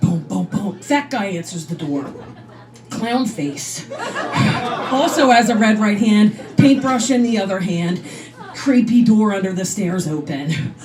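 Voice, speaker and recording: A woman comedian telling an energetic stand-up story. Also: medium pitch, a little slow, far from the mic, music in the background.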